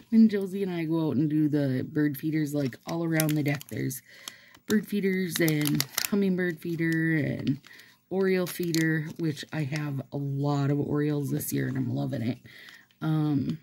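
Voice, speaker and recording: A woman's voice: deep voice, a little slow, creaky, warm tone, slight background noise. A woman vlogger chatting casually and rambling while she does her nails. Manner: rambling, chatty, laughs often. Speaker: nail and manicure vlogger. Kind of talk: casual chat while doing a manicure.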